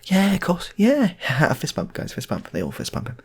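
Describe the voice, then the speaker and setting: Man doing a friendly nice bloke, chummy, polite, a bit raspy. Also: high voice, huge pitch swings, moderate pace, voice pushed up, full character voice.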